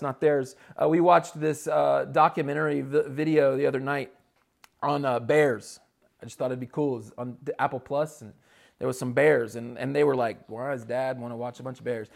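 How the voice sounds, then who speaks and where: A man in his thirties preaching in a loose, conversational way, full of asides and quick restarts. His voice sits high for a man. He keeps the sermon animated. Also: gravelly. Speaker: pastor.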